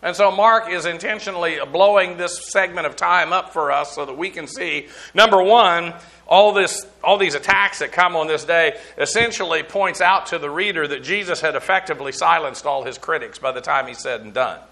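A man leads a verse-by-verse Bible lesson in a conversational teaching manner. His voice is bright and sits a little high for a man. He breaks down Greek terms and spells them letter by letter, with frequent fillers along the way. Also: moderate pace.

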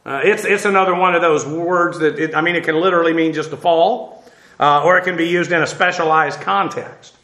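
A man's voice: fairly high pitch, fairly even intonation, a little fast, sharp tone, reverberant. A man teaching a verse-by-verse Bible lesson in an informal way, with many fillers, spelling out Hebrew words.

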